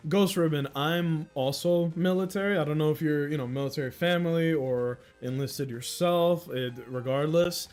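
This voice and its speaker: A young man with a fairly high, slightly mellow voice talks at normal speed with few pauses as faint music plays. Hosting a livestream, this American with a Dominican-influenced accent chats casually, wanders through stories, and laughs often.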